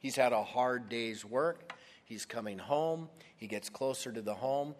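Slow, expressive preacher in a reverberant hall. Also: male voice, medium pitch. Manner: expressive storytelling, acting out voices. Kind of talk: sermon.

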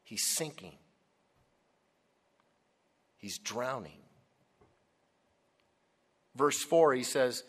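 A man preaching a sermon, dramatic, dropping to a hush and then rising loud. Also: medium pitch, animated, very slow, pauses often. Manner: dramatic, swings from hushed to loud. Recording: long hall reverb.

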